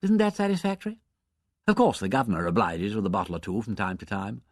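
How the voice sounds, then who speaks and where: A man's voice: lowish voice, animated, fast, no echo, clean studio sound. A man doing a flippant, teasing young aristocrat.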